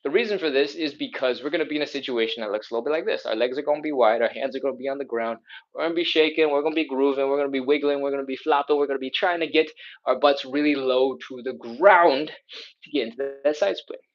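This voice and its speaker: Talking at a quick pace in a medium-pitched voice, a man leads a live follow-along stretching session, upbeat and chatty, explaining each move with playful exclamations. The audio is dull.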